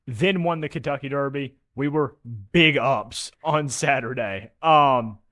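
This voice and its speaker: A young man co-hosting a sports podcast, animated and quick to swear as he tells his weekend stories. His voice is mid-pitched and sounds dry and close, with little room around it. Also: no room sound. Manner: animated storyteller, swears casually. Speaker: podcast co-host. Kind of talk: casual sports chat.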